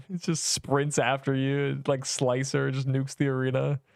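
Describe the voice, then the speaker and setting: A man commentating his gameplay on a livestream, excitable, laughing often and rambling through asides. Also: medium pitch, a little slow, vocal fry, dry recording, clean studio sound.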